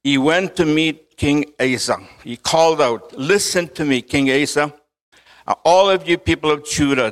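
A middle-aged man delivers a sermon at an unhurried pace, his voice sitting a little high for a man. He mixes gentle jokes and chuckles with careful, measured scripture reading. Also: smooth. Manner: joking, chuckles often, slow measured reading. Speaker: preacher.

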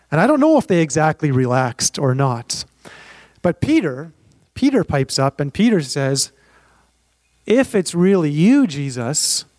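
A man preaching as a pastor, telling the story in a lively, conversational way and acting out the voices of the people in it. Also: fairly high pitch, no echo. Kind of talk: sermon storytelling.

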